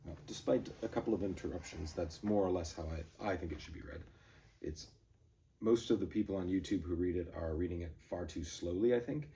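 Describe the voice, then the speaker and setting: Mellow-voiced man reading poetry briskly. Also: low voice, recorded from a distance. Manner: brisk galloping recitation, rambling asides with fillers. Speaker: poetry reader and commentator. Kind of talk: poetry reading and casual commentary.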